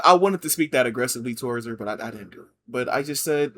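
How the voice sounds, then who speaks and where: A man's voice: medium pitch, fast, fairly bright tone, slight background noise. Laid-back slangy man telling stories. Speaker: commentator reacting to clips. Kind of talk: casual reaction commentary.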